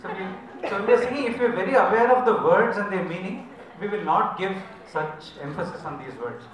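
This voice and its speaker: Indian English male workshop leader, light humor, high voice, distant in a reverberant hall. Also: a little fast. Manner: explains with gentle humor, mixes in Hindi. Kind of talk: teaching talk with sung examples. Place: large echoey hall. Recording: echoey hall from far off, music behind.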